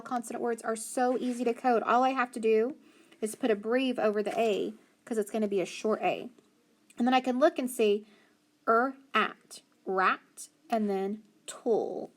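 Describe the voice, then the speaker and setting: A woman teaching a phonics lesson to children, slowly sounding out letters and praising answers. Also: on the high side. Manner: slow, encouraging, sounds out letters.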